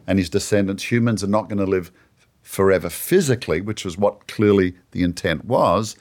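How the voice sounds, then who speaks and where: Male co-host, very low voice, earnest teacher of scripture, conversational. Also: normal speed, a little mellow. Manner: earnest, explanatory, leans on "you know". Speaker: co-host of a Bible teaching show. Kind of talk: conversational Bible discussion.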